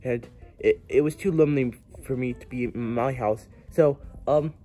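A man's voice: medium pitch, normal speed, warm tone, soft background music, close to an everyday voice. A man voicing a goofy plush cowboy toy in a homemade plush skit, rambling and stumbling over his words.

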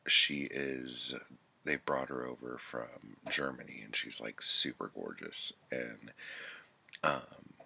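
A man with a very deep voice reviews a book in a loose, chatty way, leaning on filler words and dropping the odd curse. His tone is husky and gravelly yet has a bright edge. He talks slowly and unhurriedly. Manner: loose and chatty, full of "like" and "um", swears freely.

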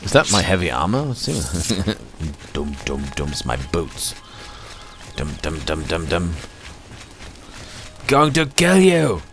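A low-voiced man gives casual commentary over his own gameplay, rambling and talking to himself. He speaks slowly with lively swings in pitch and plays at being angry. Faint game music sits underneath. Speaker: let's play host.

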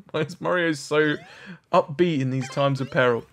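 A young man in his twenties, a gaming host, joking and reacting excitably while he plays. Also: a little high, measured pace. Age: 20s. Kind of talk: let's-play commentary.

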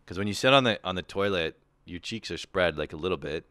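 A man's voice: low-pitched, fast talker, bright, forceful tone, no echo. A man hosting a podcast in crude, joking casual chat, teasing his guest. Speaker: podcast host.

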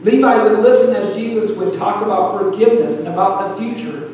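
Male preacher, storytelling sermon, higher voice, roomy hall sound with faint hum. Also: darkish tone, lo-fi sound. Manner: storytelling preacher, pausing often in short phrases. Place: church sanctuary. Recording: echoey hall, distant mic, faint hum.

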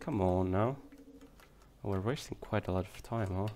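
A young man casually commenting on his gameplay, chatty and swearing, his voice hoarse from coughing. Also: fairly low pitch, measured pace, long pauses, darkish tone, slight background noise. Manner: chatty, swears, talks to creatures on screen. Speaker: let's play gamer. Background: game music.

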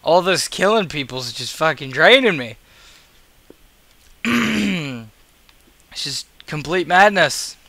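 A man's voice: a little high, animated, takes it slowly, vocal fry, long pauses, sharp tone, dry recording. Tired, grumbling gamer man. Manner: profane, grumbling, sarcastic. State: tired and yawning. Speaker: gaming video creator. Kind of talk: casual gameplay commentary.

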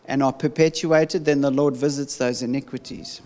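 A man's voice: medium pitch, moderate pace, in a large hall. A man and church minister teaching in a casual conversational way, telling stories with frequent restarts. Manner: animated storytelling with many restarts. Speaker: deliverance minister.

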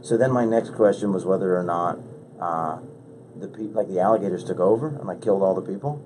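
A man's voice: deep voice, brisk, a little hiss or hum. A man hosting a podcast in casual chat, telling rambling stories full of restarts, recorded in a radio studio room. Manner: rambling, animated storytelling with many restarts. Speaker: podcast host.

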